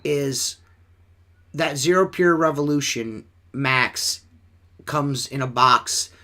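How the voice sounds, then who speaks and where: A man's voice: medium pitch, takes it slowly, bright, forceful tone. A middle-aged man hosting a podcast, chatting casually in a loose, rambling way and swearing often. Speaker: podcast host. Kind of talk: casual profane podcast chat.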